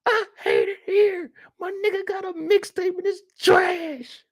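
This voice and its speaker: A betrayed teenage boy howls at his mother in a high, strained voice, as a man acts him out. His yelling cracks into sobs, with a gravelly edge in the throat. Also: measured pace. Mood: anguished. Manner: shouting, sobbing outbursts.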